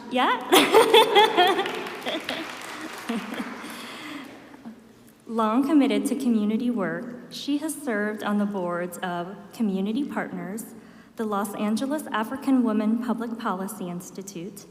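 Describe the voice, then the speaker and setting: Woman emcee, mid-pitched, steady formal reading, big echoey church room. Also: a little hiss or hum. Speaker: event emcee introducing the speaker. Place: large church sanctuary. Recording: echoey hall with long reverb.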